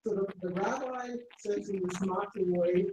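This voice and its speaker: A man in a class audience offering a thoughtful, halting comment. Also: high voice, warm tone. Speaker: class participant. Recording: echoey room, far from mic, noisy.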